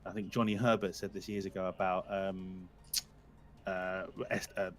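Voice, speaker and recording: A man, a guest on a casual live-stream chat, teasing and quick with a quip. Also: low-pitched, level tone. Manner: teasing, laughs often, quick quips.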